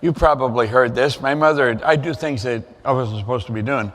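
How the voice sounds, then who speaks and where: A man's voice: mid-range voice, a little fast, fairly bright tone, big-room sound. An older man giving an emphatic motivational seminar talk, repeating his points for effect. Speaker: seminar speaker.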